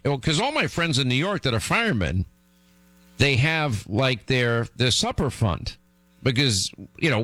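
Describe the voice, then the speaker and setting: A middle-aged man hosting a radio show, telling rambling comic stories and teasing his co-host. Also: dry recording. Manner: animated, teasing, jumps up in pitch for exasperated asides. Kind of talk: rambling comic storytelling on air.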